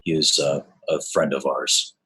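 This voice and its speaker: A man's voice: rumbling low, flat delivery, measured pace, pushed and bright, husky. A man playing a priest character in a tabletop game, earnest and a little hesitant. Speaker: player.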